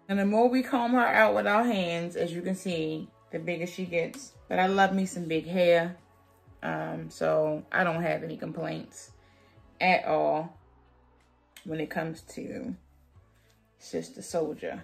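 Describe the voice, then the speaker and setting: Sassy low-voiced woman with gravelly fry. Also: steady tone, a little slow, faint music behind. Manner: sassy, playful, jokes with viewers. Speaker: beauty vlogger. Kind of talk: chatty wig tutorial.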